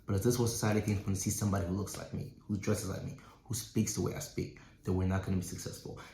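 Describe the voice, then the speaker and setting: A man's voice: deep voice, little pitch movement, fast, gravelly, dark tone, slight background noise. Man telling a story in an echoey hall. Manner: personal storytelling, acts out dialogue. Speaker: keynote speaker, doctor. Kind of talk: storytelling keynote speech.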